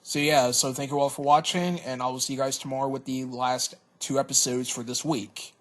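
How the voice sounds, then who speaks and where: A man giving a casual cartoon episode review, hesitant, often repeating words and filling pauses. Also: mid-range voice, fairly even intonation, fairly bright tone. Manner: hesitant, stammers and repeats words, many fillers.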